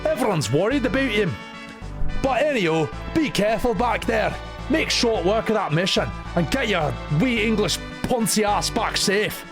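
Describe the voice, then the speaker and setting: A man's voice: sits high, animated, normal speed, over music, voice pushed up. A man putting on a swearing engineer. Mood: blustery scolding. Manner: swearing, blustery, scolding. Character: gruff foul-mouthed Scottish airship engineer, older man.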